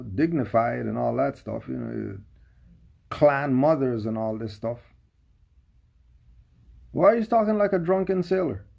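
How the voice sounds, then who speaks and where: A man's voice: a little high, vocal fry, warm tone, breathy edge. A man giving sarcastic reaction commentary on a video, firing off mocking rhetorical questions.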